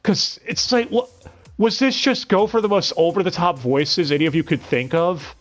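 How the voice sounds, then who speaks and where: A man's voice: sits high, normal speed, faint music behind. A man reviewing an anime dub on a live stream, talking casually with frequent stammered restarts and blunt, profane sarcasm.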